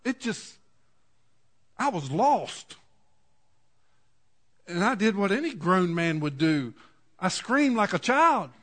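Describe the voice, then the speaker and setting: A man, preaching a sermon in a folksy storytelling way, moving from quiet asides to loud cries. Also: sits high, big pitch swings, slow, pauses often. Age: 40s. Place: church.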